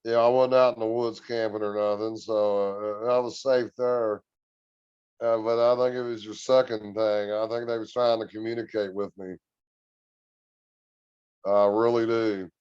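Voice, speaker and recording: A man guest on a podcast, telling a story in an earnest, relaxed, drawn-out way. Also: fairly low pitch, smooth, no room sound, muffled recording. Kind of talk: casual storytelling.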